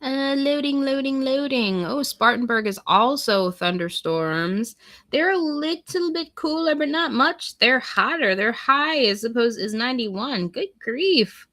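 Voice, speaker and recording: A woman's voice: high voice, lively intonation, unhurried, a bit bright. A woman hosting a casual livestream, chatting with viewers and reading weather forecasts aloud. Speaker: livestream host.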